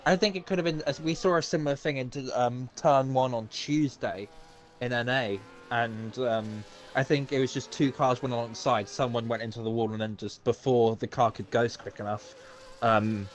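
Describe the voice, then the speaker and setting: A man doing live commentary on an online racing league, chatty and a bit halting, with frequent ums and laughs. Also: mid-range voice, steady tone. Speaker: race commentator.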